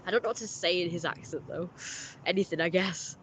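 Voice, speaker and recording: A friendly livestream host with a middling pitch, talking loosely to chat and reading out viewer messages. The speech wanders and restarts often. A faint noise sits under the voice. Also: fairly quick, fairly bright tone, highs cut off. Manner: rambling, self-correcting, friendly.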